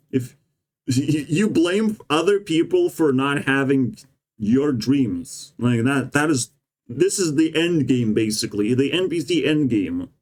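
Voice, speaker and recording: Male vlogger, sarcastic rant, profane, rambling, mid-pitched voice. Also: darkish tone. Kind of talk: ranting monologue.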